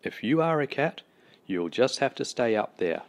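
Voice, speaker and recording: A man voicing Mabel, a practical grown woman in a picture book, speaking in a matter-of-fact, gently teasing way. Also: mid-range voice, very animated, normal speed.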